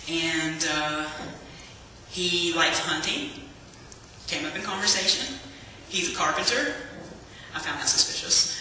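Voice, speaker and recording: A man's voice: fairly high pitch, measured pace, pushed and bright, slight background noise. A man giving a chatty personal testimony to a church congregation, telling his story with plenty of fillers. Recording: echoey hall from far off.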